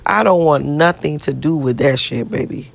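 A woman's voice: low voice, lively intonation, normal speed, gravelly. A woman vlogger rambling in a brash, profane, boastful way, repeating herself as she talks to her viewers. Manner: boastful, self-adoring. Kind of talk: casual self-talk to camera.

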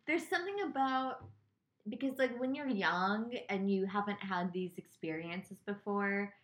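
A woman with a mid-range voice co-hosts a relaxed podcast chat. She muses aloud and wanders between thoughts, using plenty of fillers. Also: mid-range voice, a little slow. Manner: reflective, rambling with many fillers. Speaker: podcast co-host. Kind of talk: casual chat.

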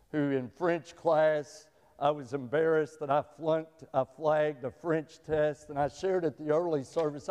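A man's voice: on the high side, warm tone. A middle-aged man preaching a sermon as pastor, telling folksy stories and often repeating his words. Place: church sanctuary. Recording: long reverb of a large hall.

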